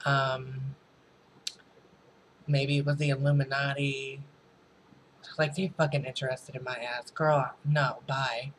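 Chatty, profane vlogger man, flat delivery. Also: mid-range voice, takes it slowly, long pauses, slight background noise, low-quality recording. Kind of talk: casual storytime vlog. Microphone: camera mic.

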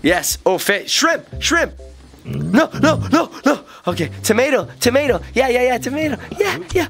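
A middle-aged man hosting a kids' game video, joking excitedly and playfully as he plays alongside his child. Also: very high-pitched, normal speed, vocal fry, faint music behind. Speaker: gaming channel host.

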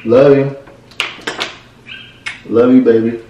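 A man's voice: medium pitch, flat delivery, takes it slowly, distant mic, lo-fi sound, a little hiss or hum. A young man in a casual vlog, teasing and pleading with his girlfriend and repeating himself over and over. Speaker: vlogger. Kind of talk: casual playful chat. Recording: echoey room, off-mic.

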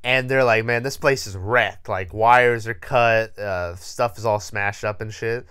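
A man's voice: on the low side, steady tone, measured pace, a bit bright, smooth. A man co-hosting a podcast, recapping a horror movie in a rambling, profane, laughing way. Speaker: podcast co-host.

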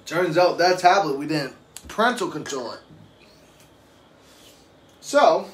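A man's voice: fairly high pitch, lively intonation, takes it slowly, long pauses. A young adult man and father talking casually on a live stream, telling rambling, profane stories. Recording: roomy echo with faint ambient noise.

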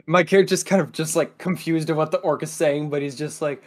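Hesitant male tabletop player, slightly high voice, faint music behind. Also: steady tone, brisk, few pauses. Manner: hesitant, full of fillers, slips into accents. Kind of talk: casual tabletop play.

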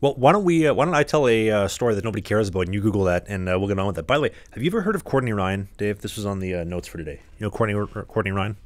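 A Canadian man, a podcast host and hockey goalie, chatting casually from a locker-room stall at a rink, joking and rambling with quick asides. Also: on the low side, animated, no room sound.

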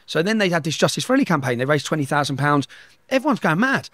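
A man's voice: a little high, sing-song, fast, a bit bright, no echo, clean studio sound. A middle-aged man, telling a story at speed in an interview and acting out the dialogue. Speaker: guest.

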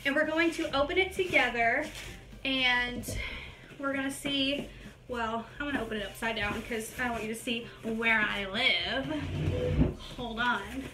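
A woman's voice: on the high side, a little slow, background noise. A young woman chatting casually in a try-on haul vlog at home, slightly out of breath and poking fun at herself. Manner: chatty and self-mocking; talks standing up. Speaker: YouTuber. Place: at home, indoors. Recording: roomy echo.

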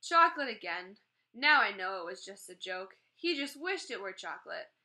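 A woman's voice: mid-range voice, very animated, normal speed, pushed and bright, heavily acted. A woman voicing a kind, patient mother who mildly scolds her children. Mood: soothing.

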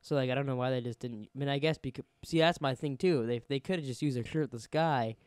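Young guy on a podcast, smooth clear voice, dry close sound, laughing and teasing his friend. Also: medium pitch, fast, a little mellow, no room sound. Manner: giggly, teasing. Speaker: podcast co-host. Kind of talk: casual chat.

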